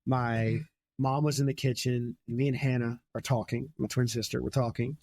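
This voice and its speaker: A young man hosting a podcast, retelling a book in casual chat, animated and laughing often as he slips into quick character voices. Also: medium pitch. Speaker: podcast host.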